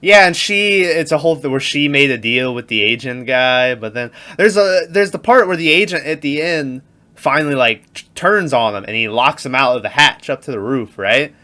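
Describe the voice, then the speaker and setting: A man's voice: medium pitch, lively intonation, normal speed, sharp tone. A young man co-hosting a movie podcast, chatting casually and retelling scenes with frequent laughter. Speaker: podcast co-host. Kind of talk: casual movie review chat.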